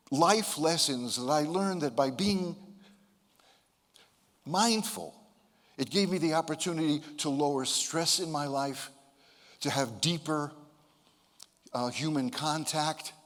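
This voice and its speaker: Older male speaker, slightly high voice, playful self-mocking storyteller, long hall reverb. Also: a bit bright. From United States (Connecticut). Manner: playful, self-deprecating, humorous. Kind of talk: motivational talk with storytelling.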